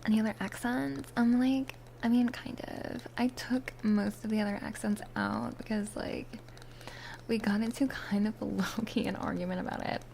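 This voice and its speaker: A young Valley Girl–accented woman plays an ASMR streamer in a chatty whispered role-play, packed with "like" fillers and sliding between whisper and soft voice on close mics. She speaks at a normal speed with medium pitch and vocal fry, over slight background noise.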